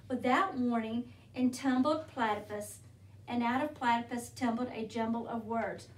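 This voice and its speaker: A woman reading a picture book aloud in a gentle, unhurried storytelling manner. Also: on the high side. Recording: roomy, from a distance.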